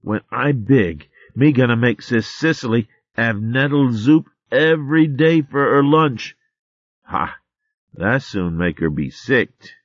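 A cheeky, boastful tiny squirrel babe from a storybook who talks in babyish broken grammar, as a man puts him on. the voice is pitched high for the reader and bounces about. the recording is dry and a little dull. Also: animated, takes it slowly, no echo.

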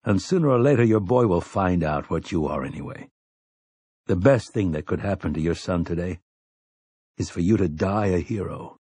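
A man doing a stern, low-voiced gunslinger. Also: lively intonation, slightly rough, no room sound. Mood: grim. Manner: low, slow, quiet menace. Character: stern weathered male gunslinger, cold and blunt.

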